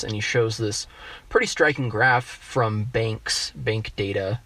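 A man with a general American accent, a guest in a casual interview, talking in halting bursts full of restarts and fillers as he thinks aloud. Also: medium pitch, a bit bright. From United States. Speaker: guest economist.

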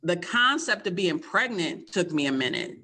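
A woman's voice: fairly low pitch, very animated, moderate pace, sharp tone, breathy edge. A woman in her fifties from Kentucky, the host's mother, telling her own story frankly and candidly in casual conversation, often laughing.

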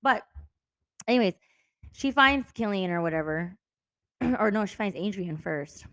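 A woman's voice: mid-range voice, lively intonation, a little slow, a bit bright, no room sound. A woman co-hosting a casual book podcast, recapping the story with laughter and acting out the characters. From Texas. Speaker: podcast co-host.

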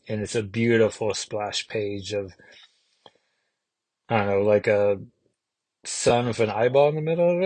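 A man with a slightly husky voice of middle pitch talks through a comic issue in a relaxed, musing way. He thinks aloud and restarts his sentences now and then. The sound is dry and close. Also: dry recording. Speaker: comic book podcast host. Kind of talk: casual comic recap.

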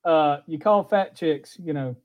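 High-voiced man trading profane jokes. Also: a little slow, dry recording, narrow, tinny audio. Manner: profane, joking banter. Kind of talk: casual chat.

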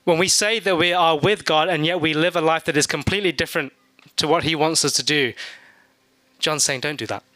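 A male pastor delivers a sermon in a chatty, conversational manner. He slips in jokes and acts out the people in his stories. His voice sits a little high and sounds bright and forceful, recorded close and dry. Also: steady tone, a little fast, no room sound. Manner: conversational, with humorous asides.

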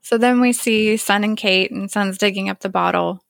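A woman's voice: mid-range voice, normal speed, gravelly, no room sound. A woman co-hosting a casual chat, retelling a TV episode scene by scene and quoting the characters in her own voice. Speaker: podcast co-host.

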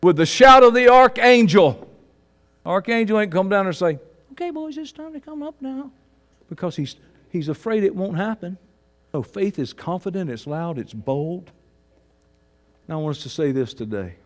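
A male pastor preaching a sermon, swinging between fervent shouts and low, hushed emphasis. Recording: long reverb of a large hall.

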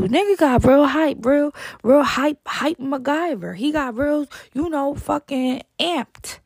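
A woman tells a dating story straight to the listener, swearing freely and acting out what each person said. Her voice has a gravelly, fry-laden edge. The sound is dry and close, with no room around it. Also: high voice, a little slow, hardly any pauses, dry recording. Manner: animated, profane, mimics quoted dialogue. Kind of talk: casual storytime monologue.

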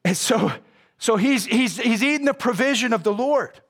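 A man preaching a sermon as a pastor, casual and animated, with slang. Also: very high-pitched, normal speed.

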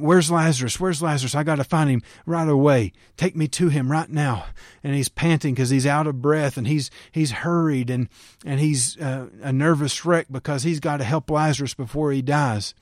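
Earnest preacher man, slightly high voice. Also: darkish tone, no echo, clean studio sound. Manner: earnest, encouraging, acts out pleading prayers. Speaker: pastor. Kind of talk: sermon.

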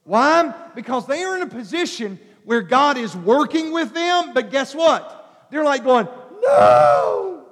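High-pitched guy preaching loud then soft, church hall echo. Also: a little slow. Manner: animated preaching, acts out quoted voices with shouts and soft coaxing. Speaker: pastor. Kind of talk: sermon. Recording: long hall reverb.

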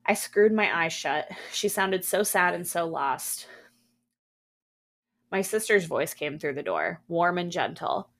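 A woman podcast co-host reading a horror story aloud in a hushed, steady manner. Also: fairly low pitch, normal speed, creaky.

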